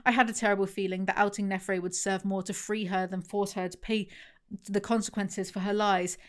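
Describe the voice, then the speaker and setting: A woman's voice: medium pitch, level tone, fairly quick. A young woman reviewing a book, reading passages aloud and breaking in with sarcastic, chatty asides to her viewers.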